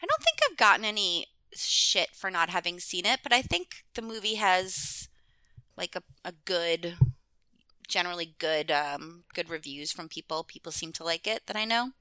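A woman with a lowish, bright, crisp voice chats casually as a podcast guest. She rambles from thought to thought, leans on "like," and laughs often. The recording is dry and close. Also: lively intonation, normal speed, no room sound. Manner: rambling, many "like"s, frequent laughs. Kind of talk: casual chat.

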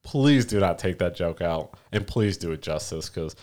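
A man co-hosting a casual podcast, animated, swearing freely and laughing often as he tells stories. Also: deep voice, moderate pace. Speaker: podcast co-host. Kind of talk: casual chat.

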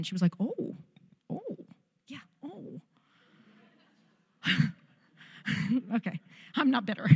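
A woman's voice: on the low side, in a large hall. A middle-aged woman giving a personal testimony, telling her story candidly and poking fun at herself. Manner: candid, self-mocking storytelling. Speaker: speaker sharing testimony.

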